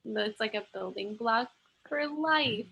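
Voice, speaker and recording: Woman co-host, high and bright, muses aloud and giggles. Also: slow, gravelly, breathy edge, poor audio. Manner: thinks aloud, giggles at own ideas. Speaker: podcast co-host. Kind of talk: casual group chat.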